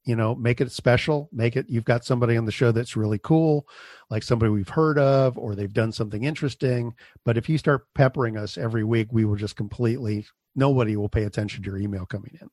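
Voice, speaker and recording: A man hosting a podcast in a loose, chatty way, wandering through his sentences with fillers. His voice sits at an ordinary pitch. The sound is dry and close, with no room around it. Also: fast, a little mellow, no echo. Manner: chatty, rambling, with fillers and restarts. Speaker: podcast host. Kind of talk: casual interview chat and show outro.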